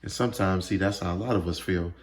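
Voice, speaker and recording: A man's voice: low voice, fast, soft background music. A man hosting a casual, chatty reaction commentary who laughs often. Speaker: host. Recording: echoey room, faint noise.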